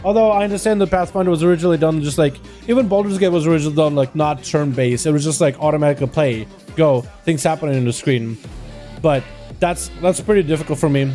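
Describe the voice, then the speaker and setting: A man streaming live, giving excitable play-by-play of game duels and breaking into joking asides. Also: fairly high pitch, fast talker, faint music behind. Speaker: streamer and match commentator. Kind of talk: livestream game commentary.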